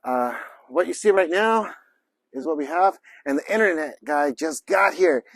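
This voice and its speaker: A man's voice: fairly high pitch, very animated, moderate pace, gravelly, fairly bright tone, dry recording. Breathless chatty man vlogging outdoors. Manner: chatty, rambling, self-joking. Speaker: vlogger, small shop owner. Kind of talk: casual vlog chat while working. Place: outdoors by a trailer and yard.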